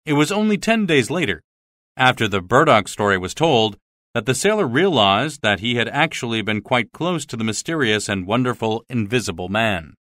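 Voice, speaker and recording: A man narrates a graded reader storybook with a lively, expressive delivery. His pitch moves a lot, and his tone is bright and crisp. The recording is dry and close, made in a studio. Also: moderate pace, dry recording. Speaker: audiobook narrator.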